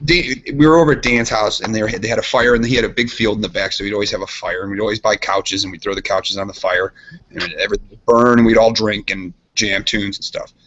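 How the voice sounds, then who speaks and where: A man co-hosting a podcast, telling a rambling story in casual chat, animated and laughing. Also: lowish voice, fast. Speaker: podcast co-host. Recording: dull lo-fi podcast audio.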